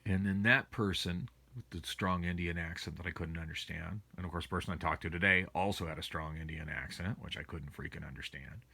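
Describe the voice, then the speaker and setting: A man's voice: deep voice, a little fast, gravelly, few pauses, bright, forceful tone, husky, dry recording. A man vlogging from home on a phone, rambling and complaining wearily in a casual monologue. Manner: weary, complaining, meandering with restarts. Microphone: phone camera.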